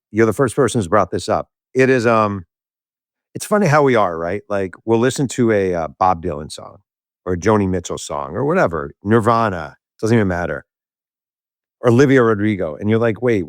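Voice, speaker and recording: A man's voice: lowish voice, a little fast, no room sound, studio quality. A man, an author, telling a story in a casual interview and acting out the voices of the people in it. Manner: animated storyteller who acts out quoted voices. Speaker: author and podcast guest.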